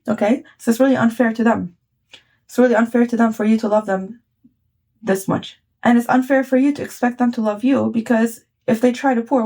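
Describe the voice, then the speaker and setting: A woman's voice: on the high side, dark tone. Blunt woman giving self-help advice. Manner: blunt, swears, keeps checking in with "okay?". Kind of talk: casual motivational talk.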